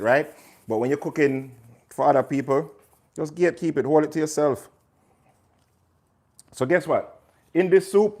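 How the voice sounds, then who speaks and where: A male chef chats loosely through a cooking livestream from his kitchen, calling out viewers by name as he works. His talk is casual and rambling, with plenty of "you know" and "right?" thrown in, at an ordinary mid-range pitch for a man. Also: a little mellow. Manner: chatty, talks to viewers by name, pushes his cookbook. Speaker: chef and host.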